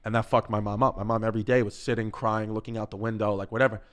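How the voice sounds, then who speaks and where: Animated crude New York comedian. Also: male voice, lowish voice, fast talker. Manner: animated, crude, acts out voices in his stories. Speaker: comedian guest. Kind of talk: podcast storytelling.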